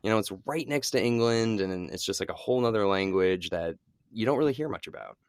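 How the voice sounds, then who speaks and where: Animated young man on a podcast. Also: lowish voice, fairly quick, smooth, no room sound, studio quality. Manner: enthusiastic, laughs often. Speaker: podcast co-host. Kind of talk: casual podcast chat.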